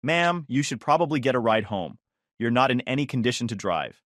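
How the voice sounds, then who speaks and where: A man doing a deadpan joking buddy. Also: mid-range voice, a little fast, no echo, studio quality. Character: laid-back deadpan young man, a joking friend.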